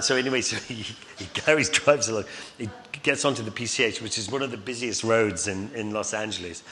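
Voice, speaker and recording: A man's voice: fairly low pitch, quick pace, hardly any pauses. A middle-aged man telling rambling, chuckling anecdotes on stage as a guest, with many fillers. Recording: reverberant hall, faint noise.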